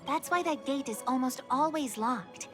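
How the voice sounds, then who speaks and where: A woman's voice: high voice, moderate pace, lightly acted. An actress playing a composed, polite female official in a video game, explaining matters formally. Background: game music.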